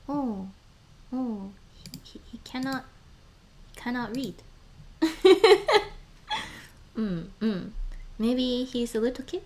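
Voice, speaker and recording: A woman's voice: fairly high pitch, very animated, darkish tone, a little hiss or hum. Sex: woman. Role: streamer. Style: casual live chat, mumbles and whispers words under her breath, frequent laughter. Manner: sounds out words slowly, drops to murmurs and whispers; laughs often between phrases.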